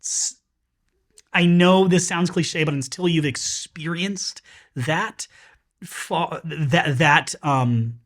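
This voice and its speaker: Male host, earnest, rambling, lots of restarts, a bit high-pitched. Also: slow, a bit bright. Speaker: podcast host. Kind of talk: casual chat.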